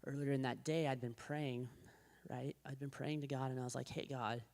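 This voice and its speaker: Man, thirties, personal testimony, conversational, many fillers and restarts, middle pitch, acts out other voices. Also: fairly even intonation, normal speed, a little mellow. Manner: acts out quoted voices of his wife and the doctor. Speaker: speaker at a church men's breakfast.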